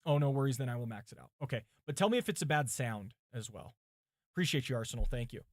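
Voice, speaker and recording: On a livestream, a mid-pitched male pastor prepares a sermon by reading commentaries and study notes aloud, thinking aloud and chatting with viewers in between. He talks quickly with lively intonation, and though his mic is set far away, the track sounds dry and close without echo.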